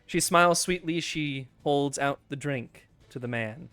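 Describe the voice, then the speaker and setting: A young man narrating as game master, animated and laughing as he describes the scene. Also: on the high side, clean tone, no echo, soft background music. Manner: animated and laughing, quick to react.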